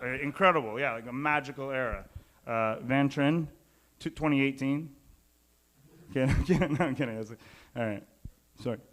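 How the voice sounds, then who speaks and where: A man's voice: mid-range voice, moderate pace, pauses often, a bit bright. A man doing stand-up on a live stage, chatting loosely with the crowd and laughing at his own jokes. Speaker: stand-up comedian.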